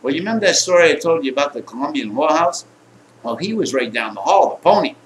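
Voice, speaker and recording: A man's voice: fairly high pitch, quick pace. A man telling a rambling, profane personal anecdote, acting out the people in it. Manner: rambling, coarse, animated quotes. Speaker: storyteller. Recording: echoey room, faint ambience.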